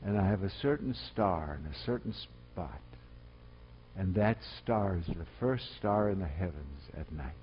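A man preaching a sermon, swinging from loud, emphatic exhortation to quiet, personal storytelling. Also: low voice, lively intonation, moderate pace, muffled recording, slight background noise. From Colorado.

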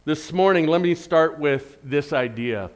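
A middle-aged man preaching a sermon in a conversational, joking way, asking the congregation questions and swinging between loud emphasis and quiet asides. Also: a little high, a little slow. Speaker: pastor.

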